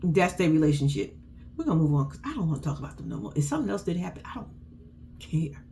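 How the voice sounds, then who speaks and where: A woman recaps a reality show in casual chat, blunt, sassy and profane, using AAVE features and swinging her pitch widely when quoting people. She's very animated and talks fast in a mellow voice over slight background noise.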